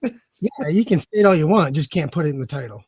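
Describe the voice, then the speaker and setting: A man's voice: fairly high pitch, lively intonation, brisk, a little mellow, husky, no room sound, clean studio sound. A man, a former soldier, telling stories in casual chat with lots of swearing and laughter. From United States. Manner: profane, laughing storyteller. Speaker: podcast guest and former soldier.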